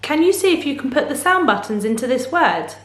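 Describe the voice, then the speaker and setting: A woman teaching phonics to young children in a slow, encouraging, sing-song manner, asking lots of questions. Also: high voice, very animated, reverberant. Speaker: primary school teacher.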